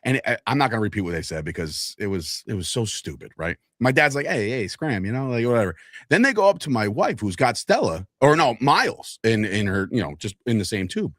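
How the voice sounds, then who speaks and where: A man in his thirties tells stories in a casual podcast chat. His pitch swings wildly as he acts out loud quotes, and he curses freely. The sound is dry and close. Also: a little fast, no echo. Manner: animated storyteller, swears freely, acts out quotes loudly. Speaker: co-host.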